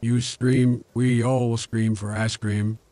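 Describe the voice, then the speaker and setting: A man's voice: mid-range voice, flat delivery, slow, mellow, dry recording, voice pushed down. A man with a Yorkshire accent using an AI voice changer to voice a rambling, forgetful old American politician while commentating a game. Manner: mumbly, meandering. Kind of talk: gaming commentary in a put-on voice.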